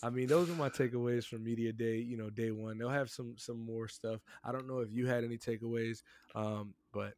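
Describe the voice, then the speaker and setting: A man's voice: mid-range voice, steady tone, a little fast, a little mellow. A man co-hosting a sports podcast, chatting casually and animatedly, joking and repeating himself. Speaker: podcast co-host.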